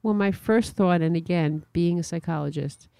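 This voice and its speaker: A psychologist answering an interview question, speaking gently and reflectively. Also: mid-range voice, normal speed, gravelly, clear, resonant tone, no room sound.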